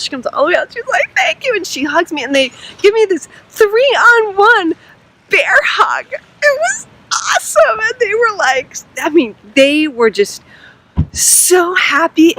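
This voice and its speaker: Gushing high-voiced woman in the rain. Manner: excited, gushing storytelling. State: choked up and emotional. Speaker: vlogger. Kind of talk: casual vlog monologue. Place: outdoors in pouring rain at night. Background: rain and passing traffic.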